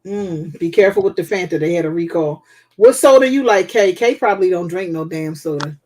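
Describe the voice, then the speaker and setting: A woman's voice: on the low side, lively intonation, brisk, a little mellow. A woman hosting a casual live chat, giving blunt, profane, motherly advice. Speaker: host.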